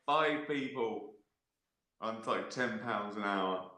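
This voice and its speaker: A man's voice: fairly low pitch, slow, pushed and bright. A man hosting a casual livestream, rambling through viewer questions with lots of fillers, restarts and casual swearing. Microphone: phone or laptop livestream. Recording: roomy echoey sound.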